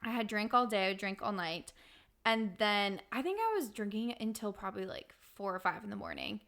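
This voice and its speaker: A woman's voice: medium pitch, lively intonation, brisk, fairly bright tone. A young woman from Wisconsin, co-hosting a podcast and telling candid stories with frequent laughs. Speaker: podcast co-host. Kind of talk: casual chat.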